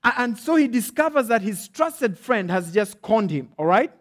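A Kenyan man preaching an animated storytelling sermon who keeps checking in with his listeners. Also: high-pitched, moderate pace. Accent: Kenyan English. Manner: animated, checks in often with "all right?".

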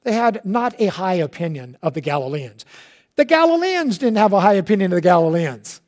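A preacher with a fairly high voice tells a story in his sermon. He moves between emphatic, louder passages and soft, hushed ones, and mixes in casual, folksy asides. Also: brisk. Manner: animated storytelling with big swings from loud to hushed; colloquial asides.

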